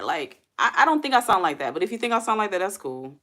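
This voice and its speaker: A woman's voice: medium pitch, very animated, fast talker, few pauses, a bit bright. A woman chatting casually on a livestream, thinking aloud and answering viewer comments. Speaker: livestream host.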